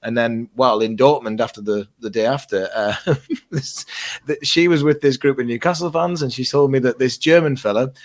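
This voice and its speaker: Male radio presenter, guest on a fan podcast, lively anecdotes. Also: mid-range voice, brisk. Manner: animated storyteller, mimics voices in anecdotes. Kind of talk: casual podcast chat.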